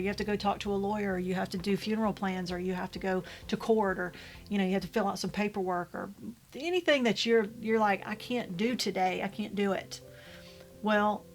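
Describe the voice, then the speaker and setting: A middle-aged woman talking straight to fellow widows, blunt and motherly, with a casual tough-love manner. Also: medium pitch. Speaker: widow vlogger giving advice. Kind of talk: casual motivational talk to camera.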